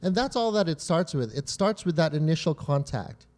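A man preaching in a loose, conversational way, his voice a little higher than most men's. His tone is mellow and soft-edged. He keeps turning to the congregation with quick "right?" and "you know?" questions as he tells stories from home. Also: very animated. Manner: frequent "right?" and "you know?" check-ins with listeners; tells personal family stories to make points. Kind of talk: conversational sermon.

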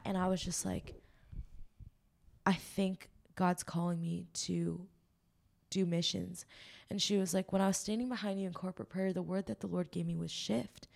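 A woman with a lowish, gravelly, darkish voice appears as a podcast guest, giving an earnest, emotional faith testimony. She rambles, filling her speech with many ums and likes.

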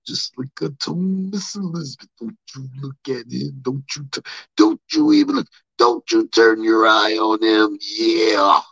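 Man doing a gravelly pro-wrestler promo voice, husky and swaggering, dry lo-fi podcast sound. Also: on the high side, lively intonation, dry recording, exaggerated voice. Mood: menacing. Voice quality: gravelly growl. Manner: drawn-out boasts ending in rasped "yeah". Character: swaggering male wrestling star, growling catchphrases.

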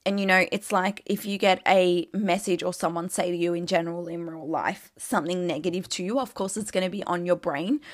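A woman's voice: fairly low pitch, a bit bright, dry recording, studio quality. A young woman with an Australian accent, a social media creator talking casually and candidly, full of "like" and easy swearing. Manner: chatty, peppered with "like", swears casually.

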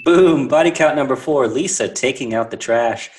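A man co-hosting a podcast, chatting casually about a film, chiming in with quick jokes and laughing a lot. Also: medium pitch, noisy background. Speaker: podcast co-host. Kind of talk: casual movie chat.

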